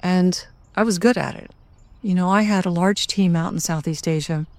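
A woman's voice: fairly low pitch, moderate pace, darkish tone, dry recording. A woman scientist telling her story frankly in a documentary interview.

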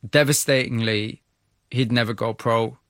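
A man hosting a broadcast interview, narrating a story and asking measured, empathetic questions. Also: mid-range voice, steady tone, fairly bright tone, dry recording. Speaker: radio host.

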